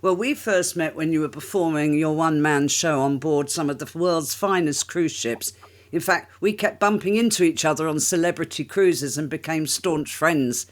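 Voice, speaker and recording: A man's voice: a little high, moderate pace. A man hosting a podcast, asking prepared interview questions. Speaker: podcast host.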